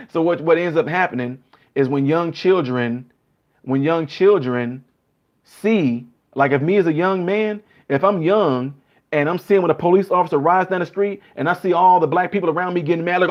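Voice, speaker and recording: A man talking casually as a host, animated and telling stories, acting out the people he quotes. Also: on the high side, normal speed, muffled recording. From Chicago. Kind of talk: casual monologue.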